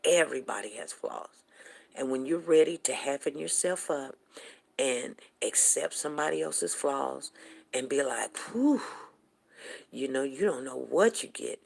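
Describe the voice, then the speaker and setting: Chatty woman with a gravelly edge. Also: rumbling low. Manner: chatty and animated, quick laughs, mimics friends' voices. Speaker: show host. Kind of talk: casual storytelling to viewers.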